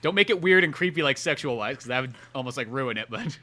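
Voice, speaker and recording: A man's voice: mid-range voice, animated, quick pace, bright, forceful tone. A man co-hosting a casual comedy podcast, laughing often, swearing and riffing on jokes. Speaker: podcast co-host.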